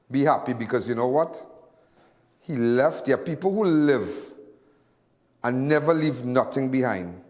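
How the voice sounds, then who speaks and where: Trinidadian host guy rambling on air, repeats himself a lot, long echo on the voice. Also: mid-range voice. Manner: rambling and repetitive, in local dialect. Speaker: host of a crime news show. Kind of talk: emotional live commentary.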